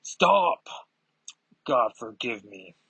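A man's voice: lowish voice, little pitch movement, normal speed, fairly bright tone, husky, no room sound, rough recording. A man voicing a defeated older male mentor, speaking in a resigned way.

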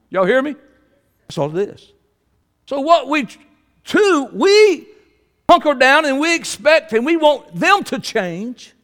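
A man's voice: very high-pitched, a bit bright. A man preaching a sermon to his congregation with a Southern Georgia accent, folksy and calling out to the room. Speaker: pastor. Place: church hall. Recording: preaching in a reverberant hall.

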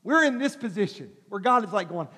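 A man pastor preaching an animated sermon, swinging between shouts and soft coaxing as he acts out voices. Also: sits high, brisk, slightly rough. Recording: long hall reverb.

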